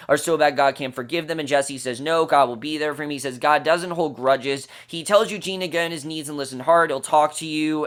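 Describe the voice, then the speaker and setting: A man's voice: fairly high pitch, sharp tone. Chatty man recapping a TV episode. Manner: chatty, enthusiastic, loose with fillers and restarts. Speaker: TV series reviewer. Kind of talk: casual episode recap and review.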